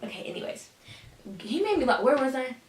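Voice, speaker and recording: A woman's voice: sits high, big pitch swings, brisk, recorded from a distance. A teenage girl telling a storytime vlog in a sassy, dramatic way, often calling people "honey". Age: teens. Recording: echoey room, voice a bit off-mic.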